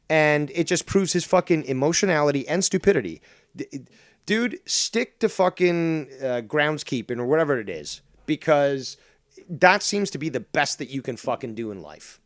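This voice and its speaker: A man's voice: on the high side, no room sound, clean studio sound. A man hosting a drama commentary show, combative and profane as he mocks a rival's clip.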